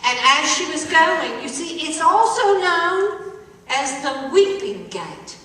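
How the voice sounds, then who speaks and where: A woman's voice: high voice, sing-song, pushed and bright. Woman telling a dramatic tale in an echoey hall. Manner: dramatic, drawn-out, quizzing listeners. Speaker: storyteller. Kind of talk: live storytelling to an audience. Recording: echoey hall recorded from far off.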